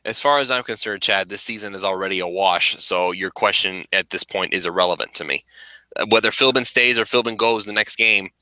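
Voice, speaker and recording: A man's voice: fairly low pitch, fairly quick, sharp tone, clear, resonant tone, no echo, low-quality recording. A man co-hosting a sports talk show, blunt and sarcastic, often restarting his sentences. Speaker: podcast co-host.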